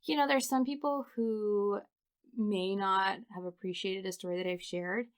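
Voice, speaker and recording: A woman in her thirties, a podcast guest, telling funny stories in an animated way and laughing often. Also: medium pitch, a little slow. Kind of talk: casual storytelling interview.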